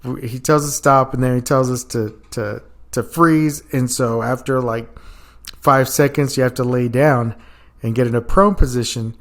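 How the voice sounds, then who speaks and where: Young adult man, casual storyteller, animated, breaks into laughter, mid-pitched. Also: moderate pace. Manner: animated storyteller, laughs often, acts out quotes loudly. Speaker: podcast guest.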